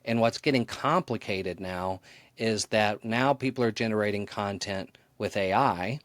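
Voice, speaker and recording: A man's voice: on the low side, unhurried, dry recording. A man speaking as a podcast guest, explaining his ideas in an earnest, thoughtful conversational way. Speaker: podcast guest, marketing author. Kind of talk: conversational interview.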